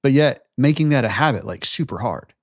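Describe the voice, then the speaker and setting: A man's voice: mid-range voice, animated, brisk, no echo. A man talking reflectively in a casual panel discussion. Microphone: video call.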